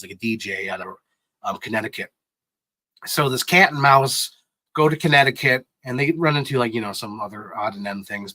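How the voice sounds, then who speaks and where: A man chatting casually on a live stream, excitedly recapping movies in a rambling, sentimental way. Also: medium pitch, dry recording, low-quality recording. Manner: sentimental, gets choked up.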